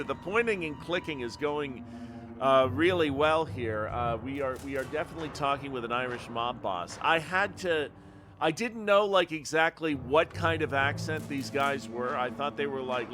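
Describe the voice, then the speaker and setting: A man's voice: mid-range voice, normal speed. A man streaming a game live, chatting casually and hesitantly with fillers between game scenes. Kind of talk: live game playthrough chat. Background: background game music.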